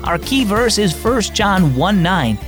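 A man hosting and narrating a children's devotional radio program, telling the story in a friendly, expressive studio voice. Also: sits high, takes it slowly, over music. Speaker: host and narrator.

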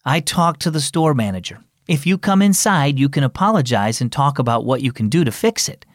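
A man voicing a gentle, loving stepmother who speaks reassuringly in a story for children. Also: mid-range voice, big pitch swings, a little fast, no echo, clean studio sound, lightly acted.

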